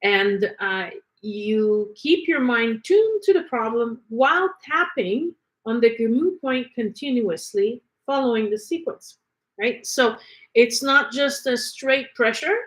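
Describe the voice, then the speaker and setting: A woman with a slightly higher voice walks through an energy-healing technique. Her talk is casual and conversational, full of rhetorical questions as she teaches. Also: rough recording. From Canada.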